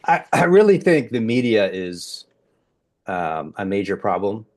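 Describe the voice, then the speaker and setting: Low-voiced man talking in circles. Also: very animated, a little slow. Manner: rambling, many restarts and fillers. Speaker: podcast host. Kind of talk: casual group discussion.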